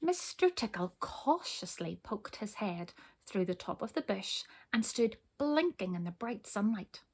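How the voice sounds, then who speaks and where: A woman reading a children's storybook aloud, expressive, pausing to ask her listeners questions. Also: medium pitch.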